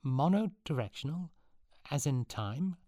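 A man's voice: on the high side, animated, a little slow, dark tone, no echo, studio quality, voice pushed up. A man voicing a bewildered, earnest young boy who keeps asking puzzled questions.

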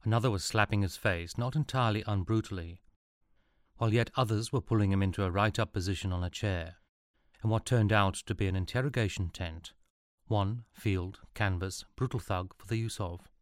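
A man's voice: fairly low pitch, a little fast, no room sound. A man narrating a comic fantasy story in a dry, wry manner. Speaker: audiobook narrator.

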